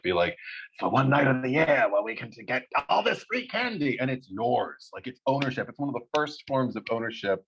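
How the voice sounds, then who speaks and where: A man co-hosting a casual podcast chat, telling stories in an animated way and swearing freely. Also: breathy edge. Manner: animated storytelling, jumps high for quoted voices. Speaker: podcast co-host. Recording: slightly dull lo-fi sound.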